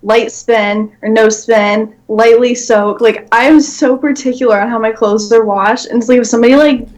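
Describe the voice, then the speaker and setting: A young woman with a high voice rants in a swearing, exasperated way on a comedy podcast. Her speech is emphatic and casual. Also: fairly even intonation, moderate pace, a little mellow, low-quality recording.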